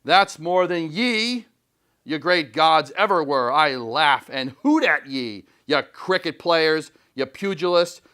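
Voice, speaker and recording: A man reading aloud as a defiant, obsessed old sea captain in a classroom, slow and declamatory. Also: on the high side, sharp tone, pitched above the performer's own voice. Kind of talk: dramatic read-aloud in class.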